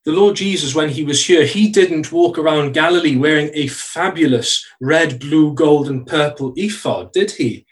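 A man preaching a sermon in a church, earnest, slowing down to stress key phrases. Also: on the high side, far from the mic, poor audio.

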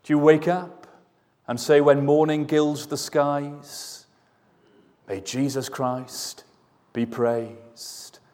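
Slow earnest preacher in an echoing church. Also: male voice, fairly high pitch, steady tone, a little mellow. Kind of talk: sermon. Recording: long church reverb, voice at a distance.

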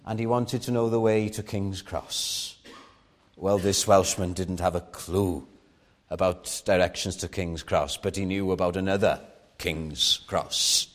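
A man's voice: low voice, fairly even intonation, a little slow. A man preaching a sermon at an evening church meeting, earnest and rising to fervent emphasis.

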